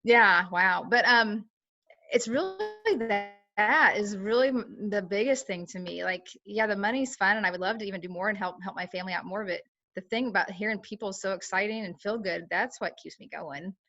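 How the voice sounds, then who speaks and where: Sharing her experience with her team on a call, this woman is chatty and full of fillers, voicing the words of others as she goes. She talks at a normal speed in a sharp, mid-range voice over lo-fi sound with soft background music.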